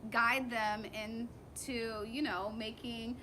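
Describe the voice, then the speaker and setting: A woman who is a mother speaks in an animated, reassuring way during a casual outdoor discussion. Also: fairly high pitch, slow pace. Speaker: mother and youth yoga co-host. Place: outdoors in sunny weather. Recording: outdoor recording with clear background noise.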